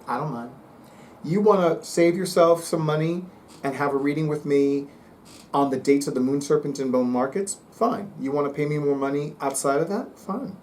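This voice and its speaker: A man talking casually to his viewers, chatty and playful with lively asides. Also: fairly high pitch, a little hiss or hum. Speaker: psychic reader and YouTuber. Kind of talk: casual monologue to camera.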